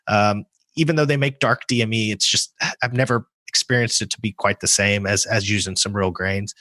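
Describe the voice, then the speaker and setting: A man co-hosting a podcast, explaining brewing in a relaxed, hedging way. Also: medium pitch, no room sound. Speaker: podcast co-host. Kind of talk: casual podcast chat.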